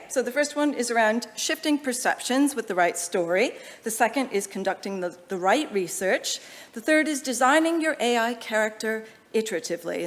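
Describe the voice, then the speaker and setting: American woman presenting in a big hall. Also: fairly high pitch. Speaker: conference speaker. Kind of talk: conference presentation. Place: lecture hall. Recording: long reverb of a large hall.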